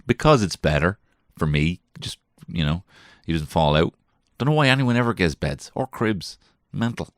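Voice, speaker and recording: A man's voice: sits low, expressive, normal speed, hardly any pauses, no room sound, studio quality. A man in his thirties telling a rambling comic story as a podcast host, swearing and mocking himself as he jumps into put-on voices. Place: small garden shed.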